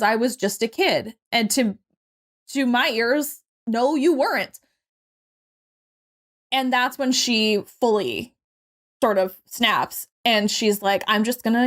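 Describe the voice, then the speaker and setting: A young adult woman co-hosting a podcast, casually recapping a movie with lively quoted voices and the odd swear word. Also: fairly high pitch. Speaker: podcast co-host.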